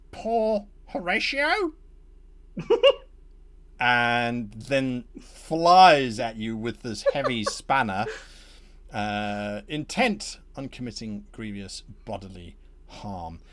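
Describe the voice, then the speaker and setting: A man's voice: mid-range voice, slow pace, a bit bright. A man narrating as game master for a tabletop game, playful and chuckling as he tells the story.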